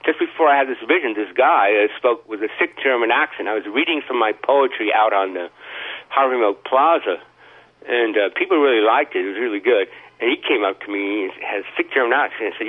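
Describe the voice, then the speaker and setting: A man's voice: medium pitch, animated. Guy calling in over a tinny phone line, stumbles and stammers through a long rambling story. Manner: halting, stammering storyteller with many fillers. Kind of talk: rambling phone call to a talk show.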